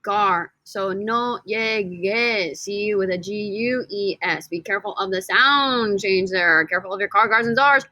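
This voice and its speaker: A woman teaching a casual lesson, energetic and playful, repeating words slowly for her students. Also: medium pitch, no room sound. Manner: energetic and playful, drawn-out repetitions. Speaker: Spanish teacher.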